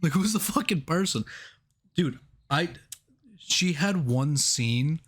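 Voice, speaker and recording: A man's voice: on the high side, expressive, takes it slowly, breathy edge. A young man co-hosting a casual movie review podcast, rambling with frequent laughs and restarts. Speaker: podcast co-host.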